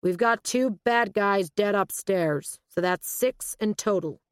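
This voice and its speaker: A woman's voice: medium pitch, takes it slowly, clear, resonant tone, no room sound, studio quality, pitched above the performer's own voice, close to an everyday voice. A woman voicing a large, crew-cut male agent who speaks in a brusque, commanding way.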